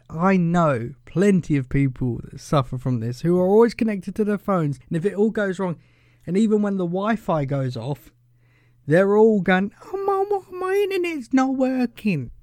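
A young man talks through a casual solo podcast in a rambling, chatty way. He keeps falling back on the same filler and chuckles between points. His voice sits a bit high, and it is recorded dry and close. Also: darkish tone, no room sound. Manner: rambling and chatty, leans on the filler "pretty much", chuckles often. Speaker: podcast host.

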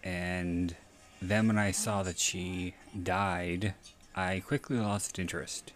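Slow, low-voiced man rambling. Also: steady tone, fairly bright tone. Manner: rambling, frequent self-corrections and profanity. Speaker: podcast host. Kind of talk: casual movie commentary.

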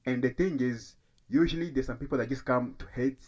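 A husky-voiced man with an African accent, talking easy and unhurried in a casual podcast chat. He is a comedian from Africa who circles back over his points. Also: mid-range voice, darkish tone. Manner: laid-back, repeats himself, says bro a lot. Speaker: stand-up comedian.

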